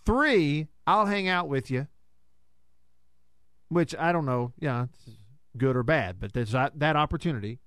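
A man's voice: a little high, animated, unhurried, long pauses, a bit bright, smooth, no echo. A man, hosting sports talk radio in a studio and reading live ads with folksy, joking asides. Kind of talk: casual radio chat with live reads. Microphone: studio microphone.

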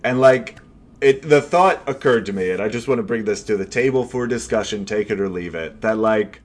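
A man's voice: on the low side, normal speed. A man co-hosting a casual movie review chat, thinking aloud and rambling with lots of filler words. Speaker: podcast co-host.

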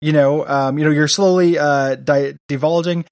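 A podcast co-host chats casually about a comic book, rambling with lots of fillers and reading the villain's lines aloud. His voice sits on the high side with fairly even intonation, a moderate pace, and a darkish tone, captured as clean studio sound without room echo.

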